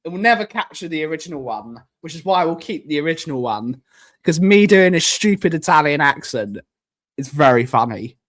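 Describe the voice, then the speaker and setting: A man chats casually on his live stream, wandering from thought to thought. He repeats his lines and cracks jokes, and his voice sits a little on the high side. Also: expressive, brisk, a bit bright. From United Kingdom. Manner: rambling, repeats himself, jokey.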